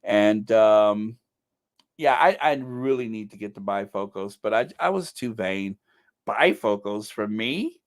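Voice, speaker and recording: Slow, lively middle-aged male host. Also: lowish voice. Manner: joking, self-mocking, mock-indignant outbursts. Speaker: channel host. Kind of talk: casual livestream chat reading comments.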